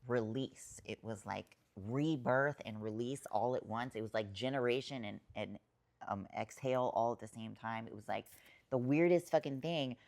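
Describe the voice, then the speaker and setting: A woman's voice: very deep voice, moderate pace, a little mellow. A woman guest on a podcast, telling a personal story in casual, rambling talk full of fillers and swearing, emotional at times. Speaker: podcast guest, writer and poet.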